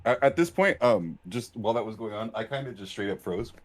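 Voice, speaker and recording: A man's voice: lowish voice, animated, a little fast. A man player in a casual tabletop game chat, rambling and stammering.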